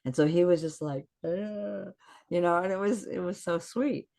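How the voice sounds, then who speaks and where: A woman's voice: fairly low pitch, brisk. A woman guest on a podcast video call, telling stories in casual chat and acting out what people said. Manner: animated storyteller acting out quotes.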